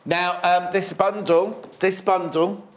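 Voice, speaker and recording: A man's voice: high voice, little pitch movement, takes it slowly. A middle-aged man presenting on a live shopping channel, chatting playfully with many stumbling restarts. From England. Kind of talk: live TV sales chat.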